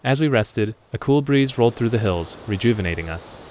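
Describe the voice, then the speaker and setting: A man narrating a hiking trip in a calm, measured scripted voice-over. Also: medium pitch, a little hiss or hum. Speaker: narrator and hiker.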